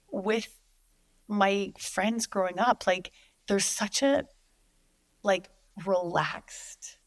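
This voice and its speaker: Earnest Canadian woman, lower voice. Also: no room sound. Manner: earnest, rambling with many likes and you-knows. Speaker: guest. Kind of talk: casual chat.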